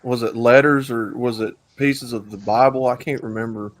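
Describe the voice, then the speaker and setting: A man's voice: medium pitch, fairly even intonation, normal speed. A man hosting an online talk stream, chatting casually in a loose, rambling way with many fillers. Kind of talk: casual chat.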